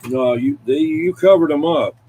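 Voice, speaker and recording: A man's voice: fairly high pitch, moderate pace, heavy background noise. A man, talking in a laid-back, matter-of-fact way as a CB radio operator. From South Carolina, US. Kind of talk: casual CB radio chat.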